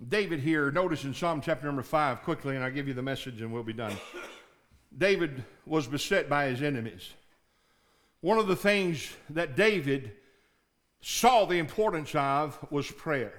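A male pastor preaching a sermon, dropping to low murmurs and rising to shouted, pleading prayers. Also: lively intonation, moderate pace.

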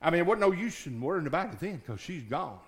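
A middle-aged male pastor preaching a sermon in a church, folksy, moving between quiet storytelling and shouted climaxes. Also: fairly high pitch, sing-song, quick pace, husky.

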